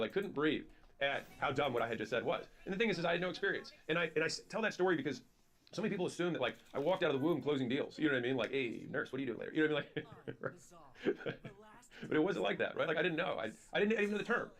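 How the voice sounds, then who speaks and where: A man giving business advice through stories, acting out both sides of conversations in a casual, animated way. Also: fairly high pitch. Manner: casual, lots of "like" and "right?". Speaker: business speaker. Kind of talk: storytelling advice talk.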